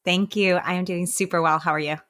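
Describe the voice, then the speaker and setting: A woman's voice: on the low side, steady tone, brisk, fairly bright tone. An American woman, a podcast guest, chatting casually and animatedly with frequent laughs. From United States. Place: home office with windows open.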